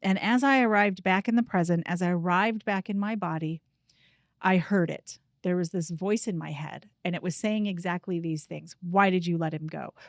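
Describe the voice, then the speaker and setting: A middle-aged woman speaking earnestly and from the heart, leading listeners through a calm guided practice. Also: fairly low pitch, moderate pace, no echo, studio quality. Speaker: grief coach and host. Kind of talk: reflective personal talk and guided practice.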